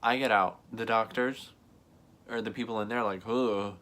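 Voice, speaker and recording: A young man telling a story in a vlog, animated, often acting out other people's lines and filling his talk with "like". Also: fairly low pitch, moderate pace. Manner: frequent "like" fillers, laughs between lines. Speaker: vlogger.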